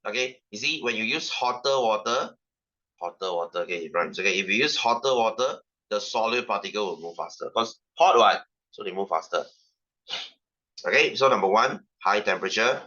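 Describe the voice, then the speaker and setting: A man's voice: on the low side, lively intonation, a little fast, sharp tone, highs cut off. A male science tutor with a Singaporean English accent, teaching an online class, repeating himself and firing rhetorical questions with ranting asides.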